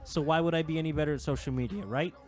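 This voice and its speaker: A man's voice: a little high, rapid-fire, a little mellow, faint music behind. A man co-hosting a wrestling podcast, chatting casually in a rambling, jokey way with lots of filler. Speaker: podcast co-host. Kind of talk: casual chat.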